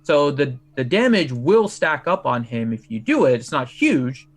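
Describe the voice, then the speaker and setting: A man's voice: medium pitch, sing-song, a little slow. A man on a casual gaming stream, explaining strategy step by step. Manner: explanatory, talks through strategy.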